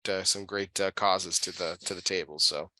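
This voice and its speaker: A man's voice: sits low, steady tone, moderate pace, pushed and bright, no echo. A man hosting a casual talk show, chatting loosely with many fillers and restarts. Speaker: podcast host. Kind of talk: casual chat.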